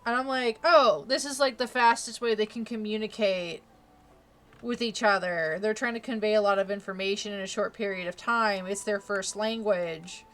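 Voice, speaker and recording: A woman's voice: medium pitch, steady tone, moderate pace, a bit bright. A young woman streamer chatting casually, laughing often and filling her talk with "like" and "um". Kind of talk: casual chat.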